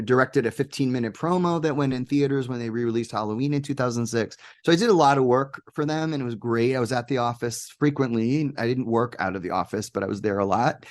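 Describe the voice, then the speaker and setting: A man of middling pitch tells stories as an interview guest. He talks excitedly and animatedly, with many ums and restarts, in an easy, conversational way. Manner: excited, animated anecdotes with frequent fillers. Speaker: guest, game producer. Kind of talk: casual interview storytelling.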